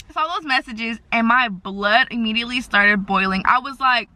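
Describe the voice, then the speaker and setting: Bright-voiced chatty young woman. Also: on the high side, normal speed, few pauses. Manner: chatty, animated, full of "like" fillers. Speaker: vlogger. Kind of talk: casual storytime.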